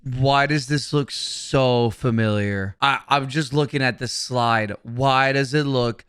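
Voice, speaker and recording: A man reacting to memes with casual, profane, excitable commentary. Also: medium pitch, slow pace, clean tone, no echo. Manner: profane, laughing, excitable remarks.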